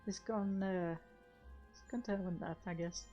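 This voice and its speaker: A woman's voice: mid-range voice, fairly even intonation, normal speed, warm tone. A woman plays through a game on stream, reading lines and commenting casually. Her voice sits in a middle range. The audio is a little muffled, with faint game music. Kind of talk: reading game dialogue aloud.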